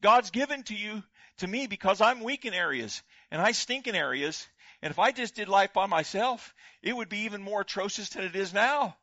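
Older male pastor, impassioned sermon, bright tense voice, dry dull sound. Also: high voice, animated, moderate pace, no echo. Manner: impassioned, swings from loud exclamations to hushed prayer.

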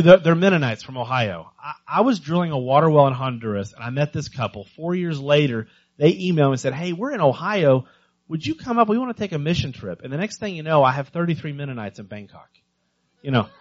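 A man speaking to a church congregation about missions work, in a voice of ordinary pitch. He tells stories with eager energy and often trips over repeated words. The recording sounds dull and lo-fi. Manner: lively storyteller, stumbles over repeated words.

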